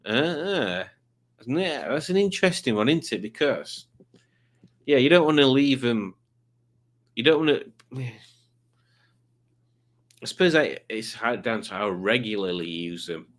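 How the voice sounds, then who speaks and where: A man's voice: medium pitch, animated, a little slow, pauses often. Rambling man hosting a chat stream. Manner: rambling, playful, self-deprecating. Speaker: live stream host. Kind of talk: casual chat reading viewer comments.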